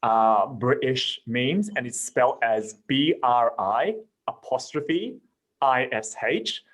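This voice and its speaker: A man's voice: mid-range voice, animated, takes it slowly, a bit bright, low-quality recording. A young man hosting a podcast, upbeat and playful as he prompts his guests. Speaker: podcast host. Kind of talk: casual chat, hosting.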